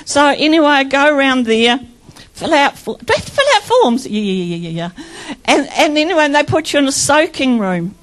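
A woman's voice: sits high, sing-song, brisk, rough recording. An older woman sharing her personal faith testimony in a fervent, chatty way, laughing often and acting out quotes as she tells her story. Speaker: church member sharing testimony.

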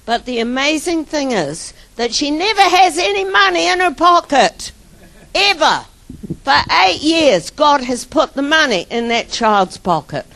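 Slow-speaking high-voiced woman preacher. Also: expressive, creaky, a bit bright. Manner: storytelling, emphatic exclamations. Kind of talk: sermon.

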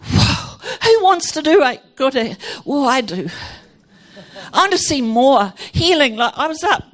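A woman with a high voice gives a Christian testimony at an unhurried pace. She tells her stories fervently and acts out what others said along the way. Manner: fervent, animated storytelling with acted-out quotes. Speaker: Christian speaker.

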